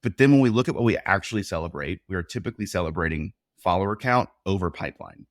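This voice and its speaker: A man's voice: deep voice, animated, fast, no room sound, clean studio sound. A man being interviewed as a podcast guest, explaining his views in a confident, direct way. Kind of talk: conversational interview.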